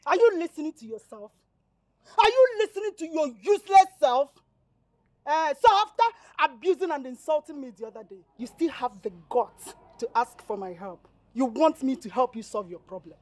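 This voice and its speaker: A woman's voice: sits high, animated, moderate pace, a little mellow. An actress with a Nigerian accent playing a fiery young village woman who scolds and insults a pushy suitor. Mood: angry.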